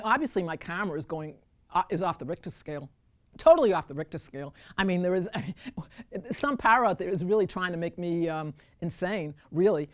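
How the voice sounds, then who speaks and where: Animated woman telling a stage story. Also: lowish voice. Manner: animated, addresses audience as folks. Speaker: solo stage performer. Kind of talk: one-woman storytelling show.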